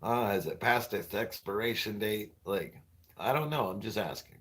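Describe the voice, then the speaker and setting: A man's voice: on the low side, expressive, moderate pace, fairly bright tone. A man in his forties hosting a livestream, rambling through crude jokes and chatting with viewers, often laughing at his own punchlines. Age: 40s. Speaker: livestream host. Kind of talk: crude stand-up style banter with viewers.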